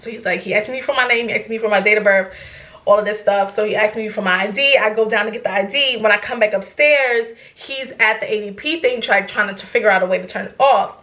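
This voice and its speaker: A young adult woman vlogger telling a story in casual chat, rambling and animated, swearing freely. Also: medium pitch, fast, roomy sound.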